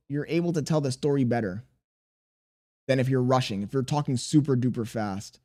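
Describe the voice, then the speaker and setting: A young man chatting casually on his livestream, reading chat aloud and talking slowly on purpose, with plenty of swearing. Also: medium pitch, warm tone. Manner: laid-back, deliberately slow storytelling, swearing, reading chat aloud. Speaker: streamer.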